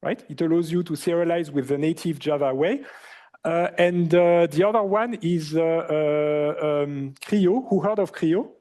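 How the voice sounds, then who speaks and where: A man lecturing in a university hall, speaking English with a French accent. His voice is slightly high and mellow. He keeps asking the students questions and fills pauses with "uh" and "um". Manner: asks the class questions, many fillers.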